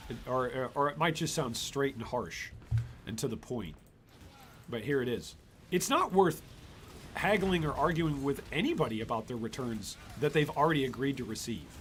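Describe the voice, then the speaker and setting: A man's voice: a little high, slight background noise. A man hosting a gaming channel, giving casual gameplay commentary with rambling, exasperated asides.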